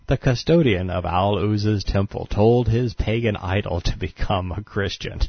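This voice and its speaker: Deep-voiced sarcastic male narrator. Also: normal speed, gravelly, husky, no echo, highs cut off. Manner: sarcastic, scornful commentary. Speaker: documentary narrator. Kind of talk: scripted narration.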